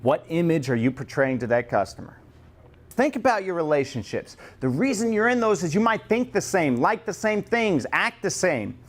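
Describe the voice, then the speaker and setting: A man runs a customer-service training class, his voice sitting a little higher than most men's. He speaks lively and jokes with the group, slipping into quoted customer voices to make his point. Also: moderate pace. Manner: lively, joking, acts out customer lines.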